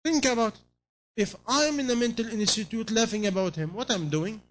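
A man's voice: sits high, a little fast, slight background noise. A man preaching a sermon in non-native English phrasing, pressing his listeners with repeated rhetorical questions.

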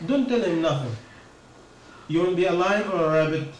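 A man's voice: sits high, lively intonation, brisk, roomy sound, recorded from a distance, slight background noise, poor audio. A man giving an informal religious talk, firing rhetorical questions and answering them himself. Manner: questioning, rhetorical, non-native phrasing. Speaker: preacher.

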